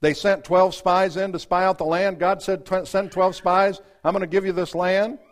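A man preaching a sermon, reading scripture and acting out its voices, swinging from loud outbursts to hushed asides. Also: high-pitched, little pitch movement, normal speed.

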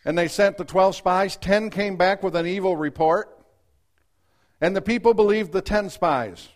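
High-voiced preacher with dramatic swings. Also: male voice, a little slow. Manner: dramatic, swings from loud outbursts to hushed asides. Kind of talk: sermon with scripture reading.

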